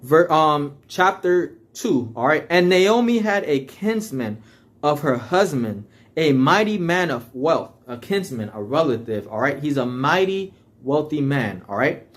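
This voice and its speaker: A man with a somewhat high voice leads a casual Bible study. He reads scripture with a lifted, declaiming tone, then drops into easygoing slang to explain it. He keeps checking in with listeners by asking "all right?". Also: unhurried. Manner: reads scripture aloud in a raised voice, then paraphrases it in relaxed slang. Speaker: Bible teacher.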